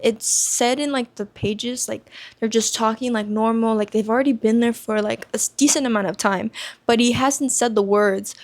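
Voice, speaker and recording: A woman's voice: fairly high pitch, fairly even intonation, normal speed. Rambling young woman vlogger. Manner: rambling, heavy use of "like" fillers. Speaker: book vlogger. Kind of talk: casual first-impressions book chat.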